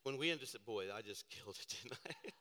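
A man preaching a sermon, telling a personal story with animated, self-deprecating humor in a church auditorium. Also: mid-range voice, a little fast. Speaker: pastor. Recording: hall reverb.

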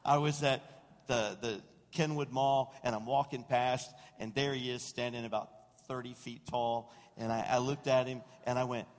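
A male senior pastor delivers a Christmas-season sermon in a storytelling style. He speaks at a middle pitch and gets animated as he acts out other people's lines. His voice rings out with the long reverb of a big sanctuary. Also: normal speed. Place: church sanctuary. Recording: long reverb of a large room.

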